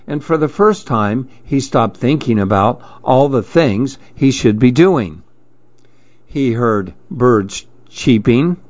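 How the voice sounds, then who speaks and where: Man reading a kids book real slow, calm and steady, dry muffled recording. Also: mid-range voice, dry recording. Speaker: storyteller. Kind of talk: storybook read-aloud.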